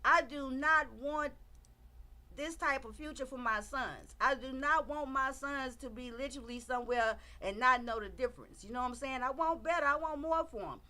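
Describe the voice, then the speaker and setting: A woman's voice: sits high, normal speed, sharp tone. A middle-aged woman giving emphatic casual commentary on a livestream, repeating herself for emphasis and talking straight to her viewers.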